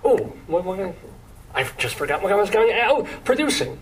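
A man's voice: sits high, very animated, fairly quick, slight background noise. A man interviewing a guest, chatty and eager, sometimes losing track of his questions.

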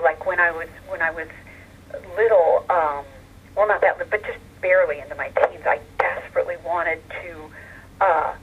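A woman's voice: on the low side, husky. Older woman on a tinny phone line. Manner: chatty storyteller, warm laughs, many fillers. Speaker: guest. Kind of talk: phone interview.

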